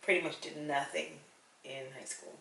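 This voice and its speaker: A woman in casual conversation with a bright, forceful voice that is animated and chatty, with frequent laughter. She sits a little back from the mic in an echoey room. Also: deep voice, normal speed, gravelly, far from the mic. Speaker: co-host.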